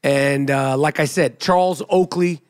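Male podcast host, high voice, brash and profane sports riffing. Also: measured pace. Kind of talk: casual basketball commentary monologue.

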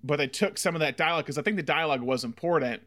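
A man co-hosting a podcast, chatting casually about a film in quick, animated run-on recaps. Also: fairly high pitch. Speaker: podcast co-host.

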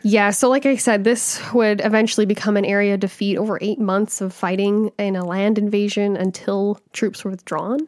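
A young adult woman co-hosting a casual history podcast, reading out facts in a conversational way with fillers and quick self-corrections. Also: medium pitch, level tone, darkish tone, no room sound. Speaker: podcast co-host.

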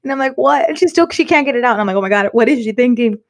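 A quick-talking woman in her thirties chats casually as a podcast co-host. Her voice sits a little high, and she acts out everyone she quotes, slipping into Spanish now and then. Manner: animated storyteller, acts out quotes, mixes in Spanish. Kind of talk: casual chat.

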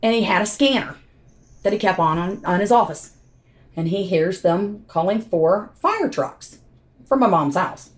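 A woman with a medium-pitched, expressive voice speaks a little slowly as she recounts a tragedy that struck her family. She's blunt and repeats herself under the strain, telling it in her own words as an interviewee.

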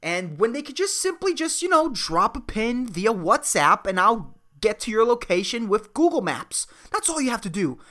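Animated ranting man on a podcast. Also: sits high, moderate pace, few pauses. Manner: ranting, profane, rambling with many fillers. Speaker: podcast host. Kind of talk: solo comedic podcast rant.

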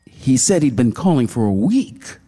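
A man voicing a distraught woman in a read-aloud story, speaking with shrill, bitter desperation. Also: big pitch swings, normal speed, warm tone, slightly rough. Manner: shrill, pleading.

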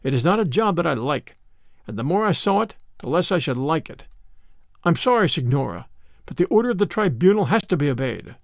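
A man voicing a coarse male ruffian jailer with a rough, gruff, loud manner in an audiobook reading. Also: a little high, big pitch swings, a little fast, no echo, studio quality.

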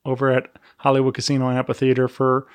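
A male host with a middle-pitched voice, talking in a relaxed, rambling way. He wraps up the chat and tells stories loosely. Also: fast, heavy background noise. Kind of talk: casual podcast chat.

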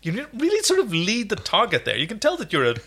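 Bright, animated man, wry. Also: high voice, fast, breathy edge. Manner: wry, teasing commentary. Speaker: podcast co-host reading fan fiction. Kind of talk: casual chat and dramatic read-aloud.

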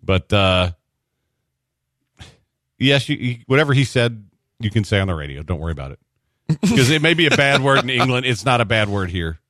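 A man's voice: mid-range voice, big pitch swings, moderate pace, long pauses, a bit bright, dry recording, studio quality. A man hosting a sports radio show, talking in loose casual banter with lots of restarts. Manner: rambling, frequent restarts and uhs.

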